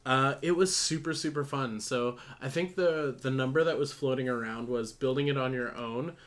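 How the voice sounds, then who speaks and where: A man's voice: medium pitch, moderate pace, a bit bright. A young man co-hosting a podcast, telling a story in a rambling, self-mocking way, full of fillers and swearing. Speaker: podcast co-host. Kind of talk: casual storytelling chat.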